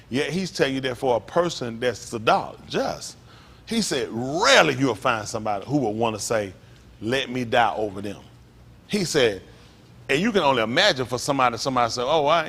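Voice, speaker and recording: A pastor preaching a sermon, reading scripture aloud slowly and commenting between verses, calling out to the congregation. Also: male voice, medium pitch, fairly bright tone, husky. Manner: call-and-response preaching, rising to emphatic exclaims.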